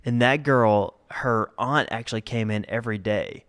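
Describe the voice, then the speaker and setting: Here a guest in his thirties tells relaxed work stories from past jobs in casual conversation, voicing the characters as he goes. His voice sits on the low side and is a bit bright, at a moderate pace.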